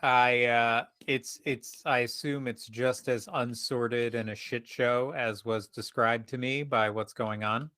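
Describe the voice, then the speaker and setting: A man playing a tabletop role-playing game, narrating his character's actions in first person, animated and profane. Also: medium pitch, takes it slowly, few pauses, clear, resonant tone. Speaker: player.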